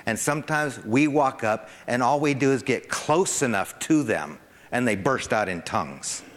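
A man preaching a sermon to a congregation, animated, with a rising pitch whenever he acts out an excited parent. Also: moderate pace. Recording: long hall reverb.

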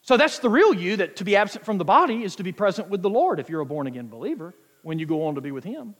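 A man preaching a sermon, emphatic and quoting scripture, stretching key words out slowly for weight. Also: high voice, very animated. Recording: long hall reverb.

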